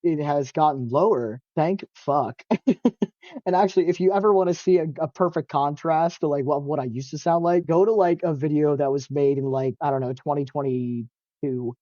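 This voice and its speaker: A man in casual podcast chat, telling lively stories, swearing casually and laughing often, on dull lo-fi audio. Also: fairly high pitch, normal speed, dry recording. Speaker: podcast co-host, interviewee.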